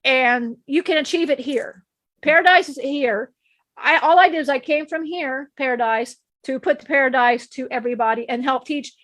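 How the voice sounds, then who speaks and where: A woman's voice: high voice, normal speed, a bit bright, dry recording. A woman channeling an ancient divine male teacher. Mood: earnest. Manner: repetitive, emphatic, preachy, with many restarts.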